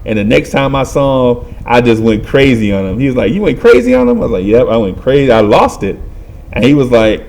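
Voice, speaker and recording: Animated man telling a street story. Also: mid-range voice, fairly quick. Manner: animated, voices other people and makes sound effects. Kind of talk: casual storytelling.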